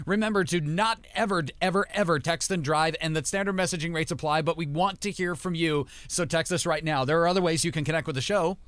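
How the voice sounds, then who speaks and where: A man's voice: on the high side, fast, few pauses, fairly bright tone, clear, resonant tone, dry recording. A man co-hosting a morning radio show in a studio, joking and reading out the station's plugs. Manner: joking, reads plugs and phone numbers. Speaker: radio co-host. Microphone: studio microphone.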